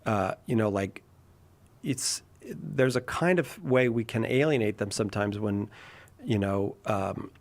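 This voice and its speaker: A man hosting a live call-in talk show, chatting casually and joking about himself while reacting to viewer comments. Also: on the low side. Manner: joking, self-deprecating, reads viewer comments. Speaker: radio show host.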